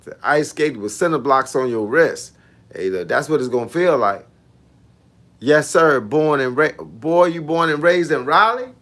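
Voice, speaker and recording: A man's voice: on the high side, animated, measured pace, a bit bright. A man, a fitness coach chatting casually with viewers on a livestream in laid-back, slangy banter. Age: 50s.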